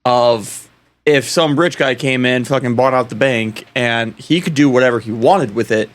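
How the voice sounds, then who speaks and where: A man's voice: medium pitch, moderate pace. A young man co-hosting a history podcast, rambling with false starts, laughing often and swearing. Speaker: podcast co-host. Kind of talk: casual history podcast chat.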